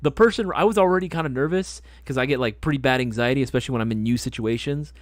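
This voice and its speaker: A man hosting a casual live stream chat, telling stories in an animated way, swearing freely and laughing often. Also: medium pitch, racing, dry recording, clean studio sound. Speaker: host.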